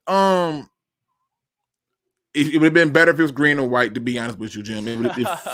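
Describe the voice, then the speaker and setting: A man hosting a casual sports talk livestream, animated and self-deprecating, with a loose slangy delivery. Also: on the high side, normal speed, no room sound, studio quality. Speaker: podcast host.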